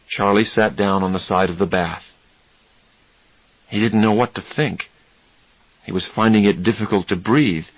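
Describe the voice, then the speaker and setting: A man slowly reading aloud a story for English learners, deliberate and expressive. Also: on the low side, dry recording. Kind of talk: slow read-aloud story narration. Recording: dry, dull lo-fi recording.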